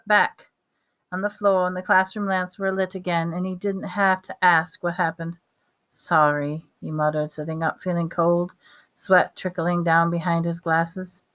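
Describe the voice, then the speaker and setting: A woman reading a novel aloud at a steady pace, with small slips and restarts. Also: on the low side. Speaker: audiobook reader.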